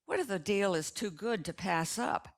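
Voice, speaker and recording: An older woman voicing a pushy young salesman who talks smooth and charming. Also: medium pitch, expressive, normal speed, voice pushed up, lightly acted. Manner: smooth as syrup, laying on the charm.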